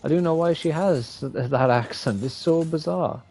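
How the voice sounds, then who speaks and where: A man's voice: fairly high pitch, normal speed, mellow, husky, faint music behind. A man from Wales, rambling and swearing as he gives live gameplay commentary. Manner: rambling, profane, opinionated. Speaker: streamer.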